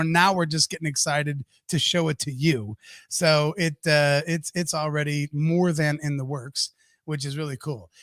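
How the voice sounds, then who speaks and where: A man's voice: fairly high pitch, sharp tone, no room sound. A man co-hosting a live podcast chat, casual and crude, laughing often. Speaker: podcast co-host.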